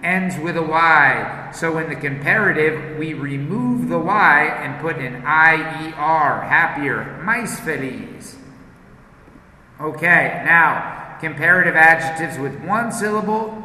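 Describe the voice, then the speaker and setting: Slow, deliberate teacher, echoey room. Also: male voice, a little high, sharp tone, slight background noise. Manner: slow, deliberate, repeats words for students. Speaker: English teacher. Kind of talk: slow classroom explanation with drills. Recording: echoey room with long reverb, faint ambience.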